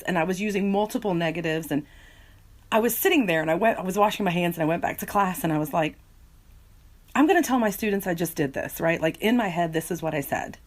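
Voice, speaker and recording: Lower-voiced woman telling animated stories. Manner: animated storytelling, laughs easily. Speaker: linguistics professor guest. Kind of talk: podcast conversation.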